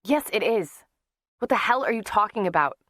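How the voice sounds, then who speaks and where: A woman voicing an exasperated young man who shouts at a friend. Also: medium pitch, expressive, moderate pace, dry recording, clean studio sound, voice pushed up, natural voice. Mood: angry.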